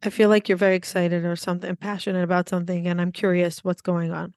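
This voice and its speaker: A woman's voice: lowish voice, little pitch movement, fast, darkish tone. A woman hosting an interview, curious and eager with her follow-up questions. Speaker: podcast host. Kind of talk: interview conversation.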